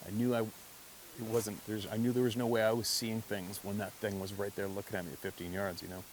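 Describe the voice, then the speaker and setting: A man with a slightly low voice tells his story in a loose, chatty way. He swears freely and laughs now and then as he talks. A faint hiss sits under the recording. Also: flat delivery, brisk, low-quality recording. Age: adult, past mid-twenties. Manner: conversational, profane, laughs often. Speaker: hunter telling encounter stories. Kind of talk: casual spoken storytelling.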